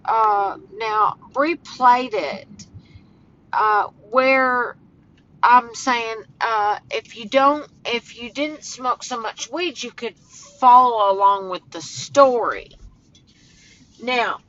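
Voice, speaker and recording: A woman vlogging casually while walking home outdoors, talking in a slow, halting way that turns emotional. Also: fairly high pitch, a bit bright. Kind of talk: casual vlog talk. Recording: dull phone audio with faint outdoor noise.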